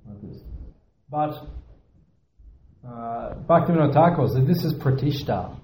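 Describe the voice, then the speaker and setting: A man's voice: mid-range voice, fairly quick, warm tone, a little hiss or hum. A man teaching at a temple, giving a devotional lecture in an earnest, self-deprecating way and repeating his points for emphasis. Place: temple hall. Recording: echoey hall.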